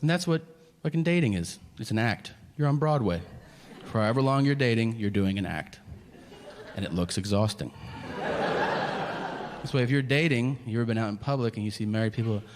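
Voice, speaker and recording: A man doing a stand-up comedy set on a club stage, crude and deadpan in his setups, then shouting the punchlines. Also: on the low side, quick pace. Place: comedy club stage before a live audience. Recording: reverberant venue with audience noise. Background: audience laughter.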